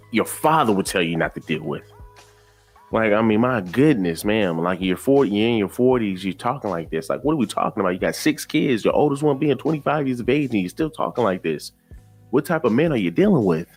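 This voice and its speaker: A man reacting to a clip, lecturing in an exasperated tone and repeating his points. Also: lowish voice. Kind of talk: reaction commentary.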